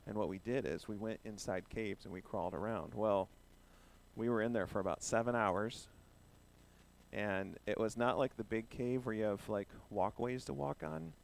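A man's voice: fairly low pitch, normal speed, vocal fry. A man giving a children's sermon, playful and asking the children questions as he talks. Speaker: pastor giving a children's message.

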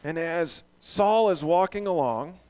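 A man preaching a sermon in an animated way, asking the congregation questions. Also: fairly high pitch, measured pace, smooth. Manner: animated, asks the audience questions. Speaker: pastor.

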